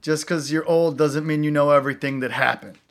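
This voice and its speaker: A man's voice: fairly high pitch, fairly quick. A man co-hosting a casual podcast, telling stories with lots of voice swings. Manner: animated storyteller, swings his voice up and down. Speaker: podcast co-host. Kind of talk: casual chat.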